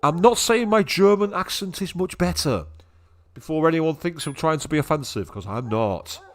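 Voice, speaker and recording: A man's voice: on the high side, lively intonation, moderate pace. An English man giving casual, sarcastic commentary while playing a video game and reading its text aloud. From England. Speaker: let's play gamer.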